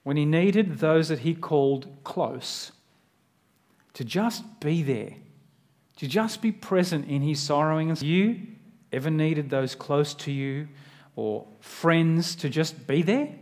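A man delivers a sermon in a notably high voice. He keeps it earnest and conversational rather than grand. He keeps drawing the listener in with direct questions. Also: slow pace, a little mellow. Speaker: preacher.

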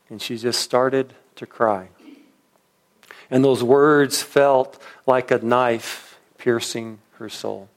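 A man's voice: mid-range voice, flat delivery, slow pace. Reflective male preacher with restarts. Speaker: pastor. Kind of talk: sermon with storytelling.

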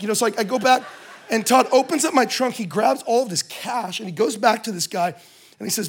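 A man speaking to a church audience, telling a humorous story with lively, joking asides. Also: sits high, brisk, breathy edge. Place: in front of a live audience in a room.

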